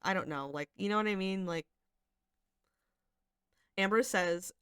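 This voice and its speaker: A woman's voice: fairly low pitch, slow pace, long pauses, fairly bright tone, smooth, dry recording, clean studio sound. A woman hosting casual commentary, reading out screenshots and reacting, chatty and swearing freely with many fillers. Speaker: commentary channel host.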